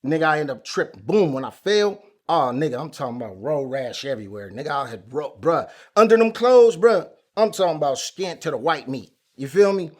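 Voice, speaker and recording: A man as an interview guest, telling a story in casual chat, animated and full of street slang. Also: on the high side, fairly quick, few pauses. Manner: animated, acts out quoted lines loudly, heavy street slang.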